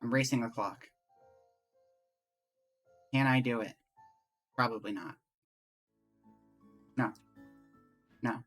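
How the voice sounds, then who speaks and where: Chatty, rambling man with a bright voice. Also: medium pitch, slow, long pauses, faint music behind. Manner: rambling, chatty, self-mocking. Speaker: streamer. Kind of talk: casual live-stream chat while playing.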